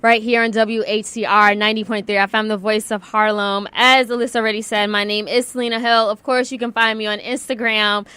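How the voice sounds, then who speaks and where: A woman hosting a talk radio show, chatty and quick to laugh, earnest when the news turns serious. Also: medium pitch, little pitch movement, pushed and bright, smooth, dry recording.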